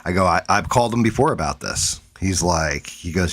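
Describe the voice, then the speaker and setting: A man's voice: low voice, lively intonation, normal speed, fairly bright tone. A man streaming from home, telling a long story in a rambling, profane way, with frequent restarts. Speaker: stream host. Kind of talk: casual storytelling chat.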